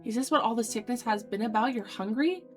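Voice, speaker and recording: A woman's voice: fairly high pitch, fast, faint music behind. Woman streamer reading a dating game. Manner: dramatic read-aloud with loud excited asides. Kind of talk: reading a dating sim aloud with reactions.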